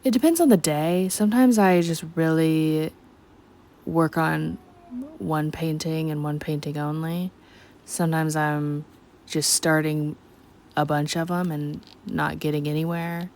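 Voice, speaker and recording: A woman's voice: low-pitched, fairly even intonation, a little slow, darkish tone. A woman narrating her painting in a chatty, scattered late-night voiceover, talking to herself and slipping in and out of a country twang. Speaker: art vlogger. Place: at home at night.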